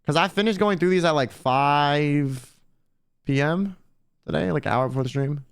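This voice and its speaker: A man's voice: on the high side, normal speed, smooth. A young man streaming and chatting casually with viewers in a blunt, slangy way, swearing often.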